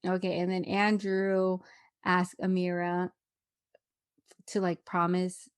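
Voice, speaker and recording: A woman's voice: lowish voice, completely flat delivery, takes it slowly, clear, resonant tone. A woman co-hosting a podcast, chatting casually while she recaps a TV episode and laughs often. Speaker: podcast co-host.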